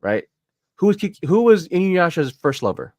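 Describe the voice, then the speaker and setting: A man's voice: sits high, very animated, moderate pace, a little mellow, no echo. A man co-hosting a podcast, ranting heatedly and profanely in casual chat. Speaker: podcast co-host.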